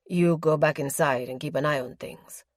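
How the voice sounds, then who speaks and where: A woman voicing a tall, commanding male gaming-house owner with a sharp, irritated manner. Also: low voice, moderate pace, no room sound, clean studio sound, pitched below the performer's own voice. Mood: curt.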